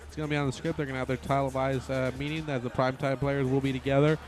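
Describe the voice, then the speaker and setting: His mid-range voice races along as he gives rambling, excitable commentary on a wrestling video game. He often stops to correct himself, keeping the whole thing casual.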